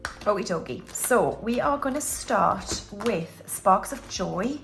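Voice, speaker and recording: A woman's voice: medium pitch, expressive, slow, creaky, fairly bright tone, soft background music. A woman, chatting casually to viewers while counting cash into budget envelopes. She counts aloud in a breezy way, with offhand asides, and sounds a little under the weather. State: slightly unwell, clearing throat. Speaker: budgeting YouTuber.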